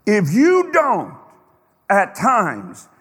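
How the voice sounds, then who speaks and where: A man's voice: high-pitched, huge pitch swings, extremely slow, a bit bright, husky. A man preaching a sermon to his congregation, emphatic, stretching out phrases and firing questions at his listeners. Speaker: pastor. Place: church sanctuary. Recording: reverberant hall.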